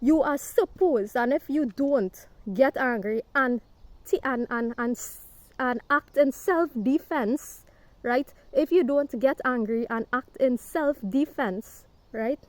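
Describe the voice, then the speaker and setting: Forceful high-voiced woman preaching. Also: takes it slowly, no room sound. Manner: forceful and preachy, with profanity and a constant "right?". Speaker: spiritual self-help speaker. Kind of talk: impassioned monologue to camera.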